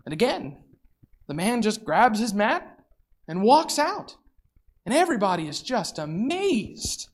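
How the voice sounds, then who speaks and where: A preacher giving a sermon, retelling a scripture story with lively storytelling and voices for the people in it. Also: medium pitch, measured pace, long pauses. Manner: animated storytelling, acting out voices.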